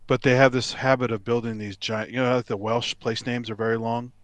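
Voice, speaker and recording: A man's voice: medium pitch, a little fast, no echo. A man chatting casually on a call, telling stories and jokingly mimicking regional accents. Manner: animated storyteller, mimics other accents for fun. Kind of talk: casual chat.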